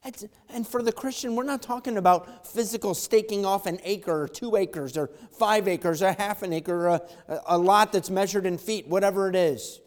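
A man preaching a fervent sermon as pastor, swinging from loud calls to quiet asides, in a church. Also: a little high, animated, fairly quick, long reverb tail.

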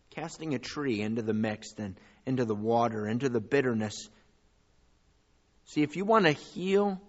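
A man preaching a sermon as pastor, rising to loud, high calls and dropping to quiet asides. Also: muffled recording. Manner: preaching with big swings in pitch and loudness.

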